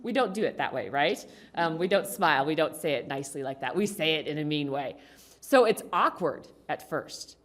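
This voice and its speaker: A woman's voice: low-pitched, lively intonation, normal speed. A woman giving a conversational talk to a congregation, asking the audience questions. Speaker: speaker at a congregation. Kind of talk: talk on communication.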